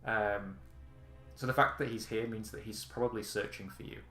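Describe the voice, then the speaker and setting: A man's voice: lowish voice, steady tone, normal speed, bright, forceful tone, faint music behind. A man narrating as game master of a tabletop game, casual and hesitant. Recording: echoey room.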